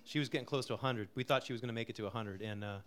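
A middle-aged man from Connecticut introduces a song he wrote, talking softly and haltingly with many fillers. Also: medium pitch, clear, resonant tone. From Connecticut, USA. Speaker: singer-songwriter introducing a song. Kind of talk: casual spoken intro before a live song.

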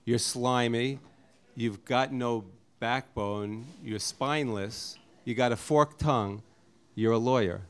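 A man's voice: medium pitch, slow, natural voice. A man voicing a timid, apologetic blind male rabbit in a joke told at an open mic. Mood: polite. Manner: apologetic, polite.

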